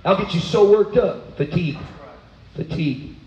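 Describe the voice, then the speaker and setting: A man preaching a sermon, animated, swinging from low asides to high, exclaiming bursts. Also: normal speed, reverberant, rough recording.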